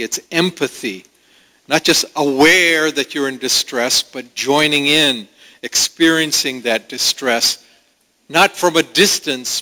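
A pastor preaching a sermon in an earnest, pausing way, with restarts. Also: male voice, mid-range voice, bright, forceful tone, big-room sound, rough recording.

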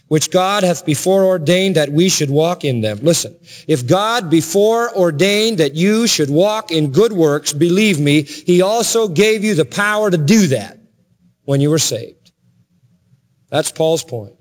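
A man preaching a sermon from the pulpit, building passionately to emphatic high peaks. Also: expressive, a little slow. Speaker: pastor. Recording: long hall reverb with faint music.

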